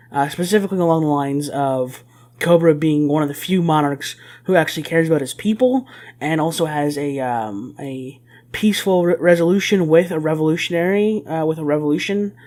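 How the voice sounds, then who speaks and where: Hesitant mid-pitched co-host. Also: a little mellow. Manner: hesitant, many fillers and restarts, mock-dramatic when quoting. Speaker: podcast co-host. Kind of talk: casual chat reviewing a comic chapter.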